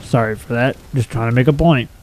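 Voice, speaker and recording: A young man reads out a list of strange laws and tears into each one with crude, mocking commentary. His voice sits at a middling pitch with a mellow, dark tone. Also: a little fast, poor audio. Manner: blunt, profane and mocking. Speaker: video commentator. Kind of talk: reading out and ranting about silly laws.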